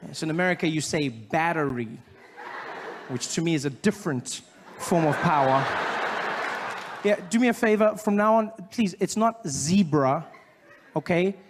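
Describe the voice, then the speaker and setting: A man performing stand-up in a playful, mock-confused manner. His voice is slightly high, with steady noise running behind it. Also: normal speed, big-room sound, a crowd in the background. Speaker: stand-up comedian. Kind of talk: stand-up routine.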